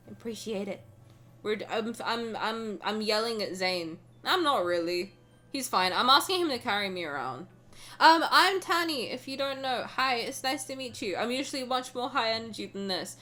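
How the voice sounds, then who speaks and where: A woman's voice: a little high, very animated, normal speed, pushed and bright, faint music behind. A woman streaming a game, chatting casually with her viewers in a tired, rambling, self-deprecating way. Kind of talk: casual live-stream chat.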